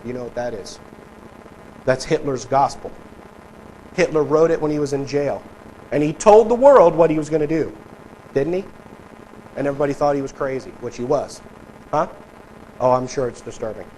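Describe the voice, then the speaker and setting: A pastor preaches a sermon in a church sanctuary, his mid-range, slightly mellow voice moving at a normal pace with frequent pauses. He speaks conversationally and emphatically, engaging his congregation, reading quotes aloud and putting on mock voices for politicians. The recording is rough, with a little hiss or hum.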